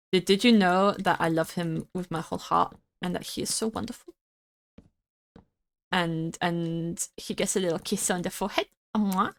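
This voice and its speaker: A woman's voice: on the low side, a bit bright. Giggly rambling young British woman. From United Kingdom. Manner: rambling, giggly, swears casually. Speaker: streamer. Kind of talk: casual chat while building in a game.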